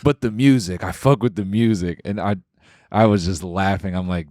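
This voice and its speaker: A man's voice: deep voice, normal speed, darkish tone, dry recording, clean studio sound. A man co-hosting a comedy podcast, chatting in a laid-back, profane way. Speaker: podcast co-host. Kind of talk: casual comedic chat.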